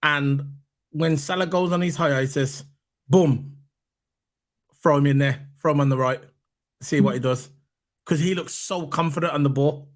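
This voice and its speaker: A man hosting a casual football fan chat, animated and repeating his points for emphasis. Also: fairly high pitch, measured pace, long pauses. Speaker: football podcast host.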